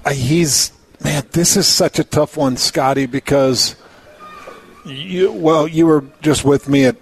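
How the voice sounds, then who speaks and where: A man's voice: a little high, slow pace, slightly rough, no room sound. A man co-hosting a sports radio show, chatting in an enthusiastic, rambling way. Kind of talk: casual sports radio banter.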